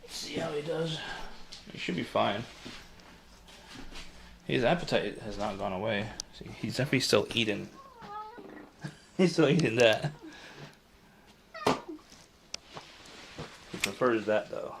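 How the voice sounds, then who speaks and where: A male streamer talks loosely from home, his voice gravelly with fry. He wanders through his thoughts, restarting sentences and leaning on "like". A faint hiss sits under the audio. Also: fairly low pitch, expressive, takes it slowly, long pauses. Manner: rambling, many "like" fillers and restarts. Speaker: live streamer. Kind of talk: casual live-stream chat.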